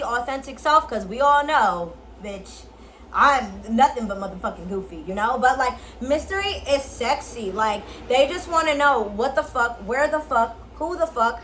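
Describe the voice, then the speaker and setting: A woman vlogger giving a casual tutorial straight to camera. She is playful and blunt, swears a lot and uses slang, and at times drops into a low, slow sultry voice to demonstrate. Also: a bit bright, a little hiss or hum, low-quality recording. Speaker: beauty and lifestyle vlogger.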